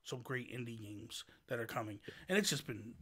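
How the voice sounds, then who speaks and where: A man hosting a casual livestream chat, an animated and long-winded storyteller who wanders off on tangents. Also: medium pitch, moderate pace, husky. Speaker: show host.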